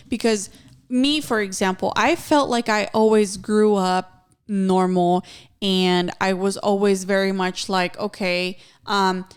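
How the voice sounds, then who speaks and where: Smooth-voiced woman, earnest podcast host. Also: mid-range voice. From Mexican-American. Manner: earnest, reflective, mixes in Spanish phrases. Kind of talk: casual podcast conversation.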